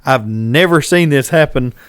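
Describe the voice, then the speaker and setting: A man, hosting a podcast and telling a fishing story in casual chat, animated and acting out what people shouted. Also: medium pitch, unhurried, clear, resonant tone, no echo, clean studio sound. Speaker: podcast host.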